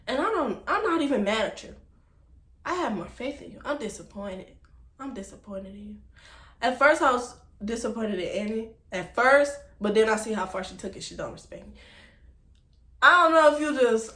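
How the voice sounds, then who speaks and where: Animated woman telling a story, echoey room. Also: on the high side, normal speed. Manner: animated, emphatic, talks straight to viewers as y'all. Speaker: vlogger telling a personal story. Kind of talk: casual storytime to camera.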